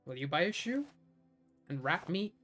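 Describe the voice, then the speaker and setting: A man's voice: a little high, very animated, normal speed, fairly bright tone, faint music behind. A man from Ireland streaming a game, chatting casually and rambling with lots of fillers. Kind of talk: casual gameplay commentary.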